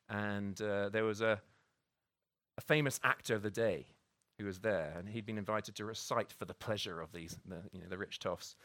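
A man's voice: on the low side, fairly bright tone, dry recording, clean studio sound. A man preaching a conversational sermon, full of restarts and tag questions like "isn't it?". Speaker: pastor.

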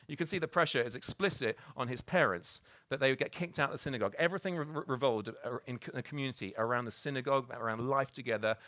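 A man's voice: mid-range voice, fast, hardly any pauses, a bit bright, dry recording. A man preaching a conversational sermon, full of restarts and tag questions like "isn't it?". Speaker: pastor.

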